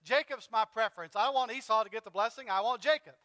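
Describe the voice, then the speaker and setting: A man's voice: high-pitched, fast, sharp tone, long reverb tail. A man voicing a scheming mother who insists on favoring one son. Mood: insistent.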